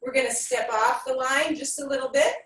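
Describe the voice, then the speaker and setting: High-voiced lady coaching kids through aikido drills, a bit winded, roomy echo from far off. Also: expressive, fairly quick, fairly bright tone. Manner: counts aloud in Japanese, encouraging instructions. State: out of breath. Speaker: aikido instructor. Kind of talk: online exercise class for kids.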